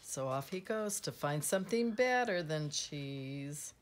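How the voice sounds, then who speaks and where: Teacher, female, bedtime storybook reader; very slow, lively melodic delivery, gentle. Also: low voice, a little hiss or hum. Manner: gentle, expressive, commenting on pictures. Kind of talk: bedtime storybook read-aloud.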